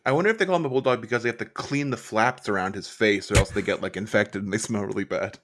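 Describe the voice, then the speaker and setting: A man's voice: lowish voice, quick pace, background noise. A man co-hosting a podcast, joking and riffing in casual chat. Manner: jokey, riffing. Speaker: podcast co-host.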